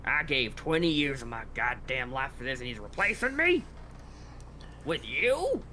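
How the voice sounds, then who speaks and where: A man voicing a short, rotund male minotaur sheriff who yells and curses with a foul temper. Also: mid-range voice, sing-song, a little slow, slight background noise. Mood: indignant. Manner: yelling, cursing.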